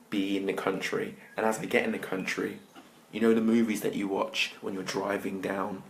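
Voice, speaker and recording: An English motivational speaker tells his story with a lively, acted-out delivery and a fairly low voice. He often turns straight to the listeners. A faint hiss runs under the recording. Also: creaky. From England. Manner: lively, acts out scenes and talks to listeners directly. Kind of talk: storytelling talk.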